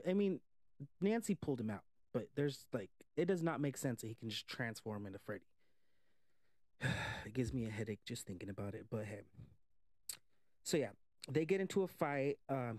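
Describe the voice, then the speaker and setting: Recorded with studio quality and no echo, a man with a mid-range voice reviews a movie by loosely retelling its plot. His storytelling is animated and full of quoted voices, frequent "like"s and the odd swear word. He's a movie reviewer rambling casually.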